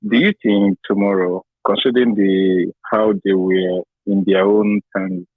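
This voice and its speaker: Male phone-in caller, lowish voice, tinny phone line, relaxed and chatty. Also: unhurried, no echo. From Canada resident. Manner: relaxed, friendly, chatty with many "you know".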